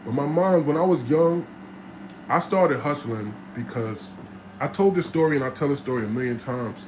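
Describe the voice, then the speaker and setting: A man telling stories from his life in a casual monologue, streetwise and animated, swearing freely and acting out the voices of people in his stories. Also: medium pitch, moderate pace, a little hiss or hum, poor audio. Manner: streetwise, animated storyteller who acts out voices and cusses freely.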